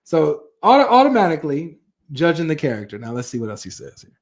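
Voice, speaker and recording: A man with a fairly high voice hosts a live reaction stream, talking straight to his viewers. He reacts in an animated, chatty way, full of asides and questions to chat. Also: quick pace.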